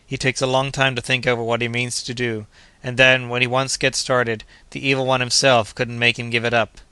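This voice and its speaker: A man's voice: medium pitch, level tone, brisk, bright, forceful tone, smooth, no room sound, natural voice. A man voicing a cheerful, loyal young manservant who talks eagerly and respectfully in an audiobook. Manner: eager, respectful, says sir often.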